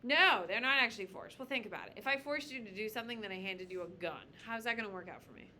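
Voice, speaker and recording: Woman, high school teacher, classroom lecture, bright voice, blunt and joking, faint background noise. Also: fast talker. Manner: blunt, joking, calls on students by name.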